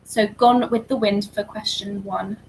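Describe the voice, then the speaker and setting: A woman co-hosting an online charity quiz, reading answers briskly and lightly. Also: medium pitch, steady tone, vocal fry, a little hiss or hum, low-quality recording. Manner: brisk, light, laughs easily. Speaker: quiz co-host.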